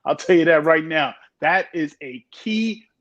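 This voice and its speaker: A man with a notably high voice reacts emphatically on a men's talk panel. He punches his points with animated exclamations and repeats lines for effect. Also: normal speed, dull audio. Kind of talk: casual conversational talk.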